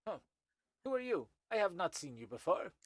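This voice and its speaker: A man's voice: high voice, sing-song, moderate pace, fairly bright tone, no echo, pitched above the performer's own voice, exaggerated voice. Fussy old insect artificer, raised bossy voice, dry recording; man performing. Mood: gracious. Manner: fussy, distracted, barking orders.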